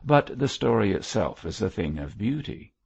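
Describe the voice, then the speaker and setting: A man voicing a lively, teasing young army captain in an audiobook, talking in a playful bantering way. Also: fairly low pitch, moderate pace, gravelly, slightly rough, muffled recording, exaggerated voice.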